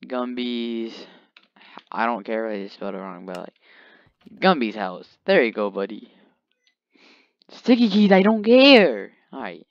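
Speaking at a moderate pace in a gravelly, low-leaning voice, a male gamer jokes around and chats with his in-game pet as he plays. The recording has no echo but comes through a dull, lo-fi microphone.

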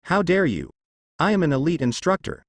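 A man putting on a pompous male instructor who bristles at any disrespect, his voice raised and slowed. The delivery is lively and dry. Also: a little high, no room sound, pitched above the performer's own voice. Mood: indignant. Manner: indignant, pompous shouting. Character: pompous adult male instructor, self-important.

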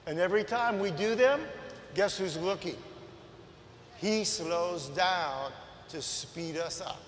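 Passionate male preacher, high voice, booming room, slow measured delivery building to shouts. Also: slight background noise. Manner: impassioned, swings from soft to shouting. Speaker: guest preacher. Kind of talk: sermon. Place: large church sanctuary. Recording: echoey church hall.

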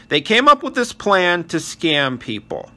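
A man's voice: high voice, big pitch swings, measured pace, sharp tone. A male channel host giving earnest voice-over commentary on gameplay and reading chat aloud. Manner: wishes viewers a blessed day.

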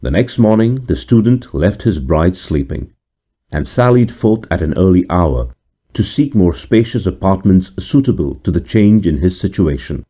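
A man reads a classic horror tale aloud with deliberate, dramatic pacing. His voice is deep and mellow, and it moves expressively through a wide pitch range. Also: animated, breathy edge. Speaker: narrator. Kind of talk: scripted horror story narration.

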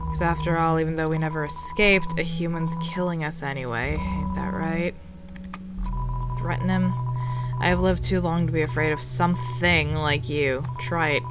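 A woman's voice: deep voice, lightly acted. Woman doing a weary old turtle man. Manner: drawling folksy old-timer speech. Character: weary old male turtle veteran, gruff. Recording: game music behind.

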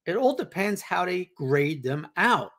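A man's voice: sits high, sing-song, measured pace, a bit bright. A man co-hosting a casual sports talk show, emphatic and repetitive, acting out the reactions of others. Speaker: podcast co-host.

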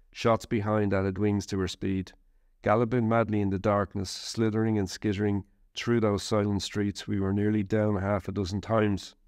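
Low gravelly man reading a memoir. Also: no echo, studio quality. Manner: measured, steady reading. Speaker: narrator. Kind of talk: scripted first-person memoir reading.

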